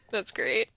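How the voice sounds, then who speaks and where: A woman co-hosting a casual draft show, upbeat and quick to laugh. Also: sharp tone, no echo.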